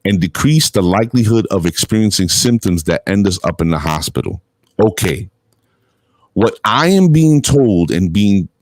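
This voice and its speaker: A man's voice: on the low side, dry recording. A middle-aged man hosts a casual call-in chat, telling stories with laughs and swearing freely. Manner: animated storytelling, laughs often, swears freely. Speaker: show host.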